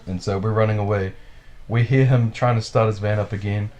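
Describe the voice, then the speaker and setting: A man telling a wild story in casual chat, animated and full of swearing, laughing as he goes. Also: fairly low pitch, a little fast. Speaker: podcast storyteller.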